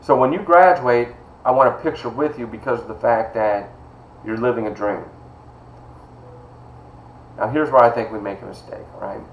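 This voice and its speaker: A middle-aged man teaches an online college course by video call from home, greeting students by name and speaking with personal encouragement. His medium-pitched voice moves at a normal speed with frequent pauses, in reverberant audio with cut-off highs and slight background noise.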